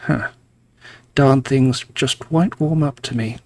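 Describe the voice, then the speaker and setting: A man's voice: medium pitch, slow pace, a little mellow, distant mic. A man voicing a surly, grumbling homeless man in a video game.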